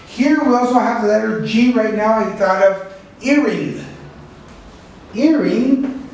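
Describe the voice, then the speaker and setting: Guy teaching english pronunciation, high-ish voice, slow and careful, big echo, mic kinda far off. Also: a little hiss or hum. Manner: slow, careful, repeats words for drilling. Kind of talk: classroom pronunciation lesson. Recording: echoey room, mic at a distance.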